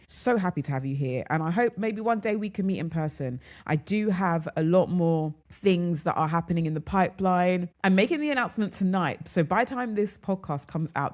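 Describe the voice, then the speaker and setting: A woman's voice: sits low, darkish tone. A woman talks into a close studio mic, hosting her own podcast. Her delivery is chatty and personal, as if catching up with friends, and she keeps calling her listeners girl and ladies. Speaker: podcast host. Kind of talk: casual solo podcast talk.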